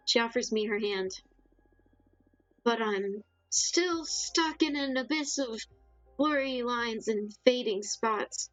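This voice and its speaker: A woman voicing a fragile, lost female ghost in a game, reading slowly and quietly. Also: fairly high pitch, no room sound, soft background music, voice pushed up, rough recording. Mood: melancholy. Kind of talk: reading game dialogue aloud.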